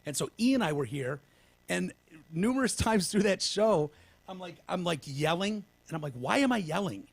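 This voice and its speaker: A man's voice: high voice, animated, normal speed, vocal fry, no echo. A man hosting a casual podcast, telling long rambling stories with lots of swearing and restarts, winded as he recovers from pneumonia. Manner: rambling storyteller, swears freely, restarts often. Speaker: podcast host.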